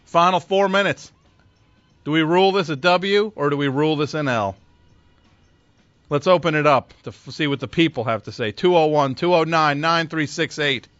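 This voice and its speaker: Sarcastic radio host, bright and dry. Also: male voice, fairly high pitch, moderate pace, no echo, soft background music. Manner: sarcastic, exasperated, mocking impressions. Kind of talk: call-in radio show. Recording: slightly dull studio recording.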